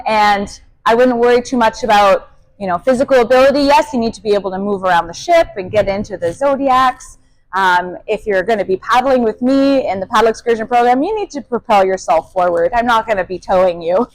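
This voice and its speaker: A woman's voice: a little high, dry recording, poor audio. A young adult woman, a kayak guide, answering interview questions in a friendly, chatty way with frequent fillers and laughs. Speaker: kayak guide on expedition ship.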